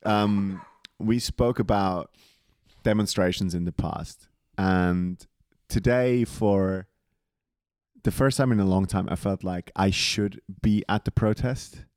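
A man's voice: sits low, slow, a little mellow, no room sound, studio quality. A man co-hosting a podcast in casual chat, blunt and swearing, laughing often. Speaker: podcast co-host.

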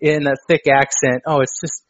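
Excitable male podcast co-host. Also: fairly high pitch, moderate pace, no echo. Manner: animated, excitable, mimics people for laughs. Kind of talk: casual retro wrestling podcast chat. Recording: dull lo-fi dry sound.

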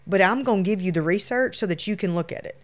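A woman with a Louisiana Southern accent, an emphatic, animated storyteller talking as a podcast guest. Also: medium pitch, quick pace. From Shreveport, Louisiana, US. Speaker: guest, photographer. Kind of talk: casual podcast conversation.

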